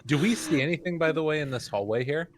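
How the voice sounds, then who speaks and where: A man's voice: on the high side, lively intonation, a little fast, no echo, soft background music. A man playing a tabletop game, joking and laughing often. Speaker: player. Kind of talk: casual tabletop play.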